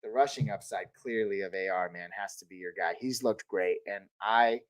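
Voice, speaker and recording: A man's voice: sits low, moderate pace, no room sound. Casual, chatty male live streamer. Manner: relaxed, chatty, addresses chat as dude and man. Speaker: host of a live fantasy football Q&A stream.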